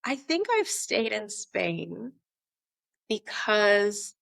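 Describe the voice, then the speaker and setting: A woman's voice: medium pitch, drawn-out words, creaky, no room sound. A woman in her late thirties from Atlanta, a podcast guest telling stories in a casual interview and acting out the voices of people she quotes. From Atlanta, United States. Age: late 30s. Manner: animated storyteller who acts out quoted dialogue. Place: abroad in Spain.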